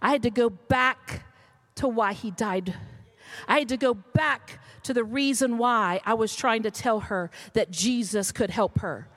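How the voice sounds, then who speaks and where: A woman's voice: on the high side, measured pace, a bit bright. A middle-aged woman pastor, telling a story in a sermon that builds to emphatic calls.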